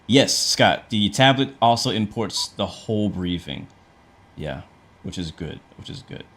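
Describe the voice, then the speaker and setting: Male streamer, lowish voice, casual chatty commentary while he works, answers chat. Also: expressive, a little slow, fairly bright tone. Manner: chatty, talks through each step, answers chat; frequent fillers and restarts. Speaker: flight sim streamer.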